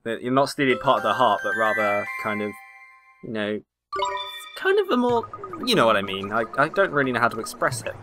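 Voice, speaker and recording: Young male let's play commentator, lively and slangy, home mic, game music playing under him. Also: mid-range voice, brisk. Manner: loose and joking, slangy, trails off. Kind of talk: casual gameplay commentary. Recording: voice over game audio with music.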